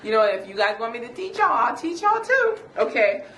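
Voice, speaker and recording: Lively Jamaican woman hosting a chat. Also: a little high, a little fast. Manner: lively, playful, laughs often. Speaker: YouTube host. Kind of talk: casual chat. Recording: echoey room, faint noise.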